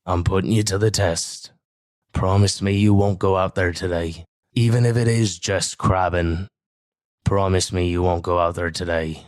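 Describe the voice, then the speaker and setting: A man voicing a gruff, protective old lighthouse keeper who grumbles and teases. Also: deep voice, steady tone, moderate pace, darkish tone, dry recording, natural voice. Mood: worried. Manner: dry, grumbling teasing.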